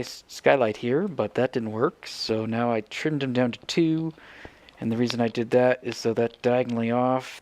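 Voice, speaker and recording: A man's voice: medium pitch, a little mellow. A man giving casual, rambling commentary on his building game, thinking aloud and correcting himself as he goes. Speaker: Minecraft let's player.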